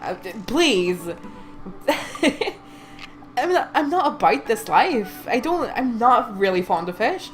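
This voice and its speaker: A woman's voice: a little high, big pitch swings, faint music behind. A woman streaming a game, reading its dialogue aloud and commenting, with a congested nose and frequent giggling. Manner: giggly, reads lines slowly, breaks into laughter. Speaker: let's play streamer.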